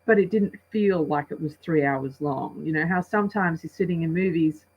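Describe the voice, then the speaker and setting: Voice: medium pitch, moderate pace, breathy edge, muffled recording. A movie reviewer giving a casual spoken review, rambling and chatty, with many restarts and acted-out asides.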